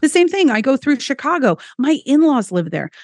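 A woman keynote speaker, a guest on a podcast, telling travel stories in an enthusiastic, animated way and speaking straight to listeners. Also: sits high, normal speed, dry recording. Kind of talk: lively anecdotal storytelling.

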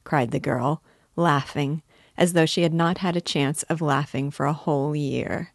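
A woman narrating an audiobook in a measured, plain reading. Her voice is low-pitched, and the recording is dry and close. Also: steady tone, gravelly, no echo. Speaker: audiobook reader. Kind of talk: scripted narration.

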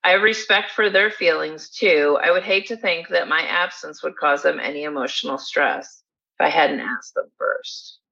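A woman's voice: low voice, moderate pace, vocal fry, pushed and bright, heavily acted. A woman voicing a proud, earnestly considerate middle billy goat who blurts out his words, in a storybook reading. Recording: dull lo-fi recording.

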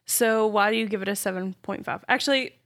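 A woman's voice: mid-range voice, brisk, a bit bright, dry recording, clean studio sound. A woman co-hosting a podcast, chatting casually and often murmuring agreement. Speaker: podcast co-host. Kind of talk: casual chat.

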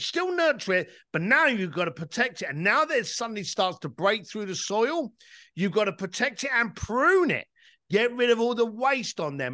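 Animated man, dry close sound. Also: high-pitched, no echo. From East London, England. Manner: animated, emphatic, casual swearing. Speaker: podcast guest, entrepreneur and speaker. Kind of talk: conversational interview storytelling.

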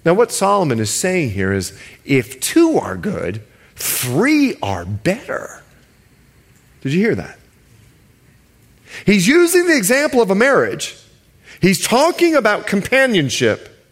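A Bahamian male pastor preaches a sermon in a high voice with wildly swooping pitch. He slowly stretches key words for emphasis and jokes with the congregation.

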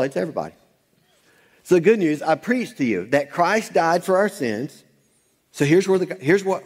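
A man preaching a sermon, quoting scripture, asking questions and answering them himself, and calling on the congregation to repeat lines back. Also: a little high. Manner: quotes scripture, asks and answers own questions. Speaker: pastor. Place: church sanctuary. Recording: long hall reverb.

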